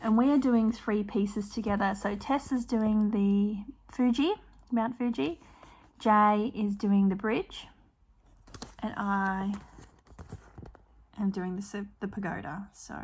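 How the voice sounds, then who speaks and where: Here an Australian woman with a mid-range, slightly mellow voice chats casually as a cross-stitch vlogger. She presents her projects show-and-tell style on her own channel, often saying um and offering little apologies.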